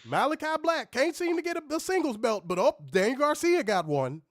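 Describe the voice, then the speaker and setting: A man hosting a podcast, ranting in an animated, profane, casual way. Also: very high-pitched, a little fast, dry recording, studio quality. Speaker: podcast host. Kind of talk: casual chat.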